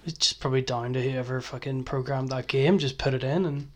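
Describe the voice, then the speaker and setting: A man's voice: medium pitch, fairly even intonation, brisk. A man co-hosting a skateboarding podcast, chatting in an easygoing, hesitant way. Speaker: podcast co-host. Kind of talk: casual chat. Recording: remote call recording.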